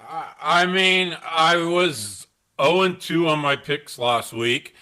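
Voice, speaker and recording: A man's voice: a little high, slow, bright, forceful tone, smooth, poor audio. A man co-hosting a sports podcast, swearing freely and teasing his co-host in a sing-song way. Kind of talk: casual sports betting podcast rant.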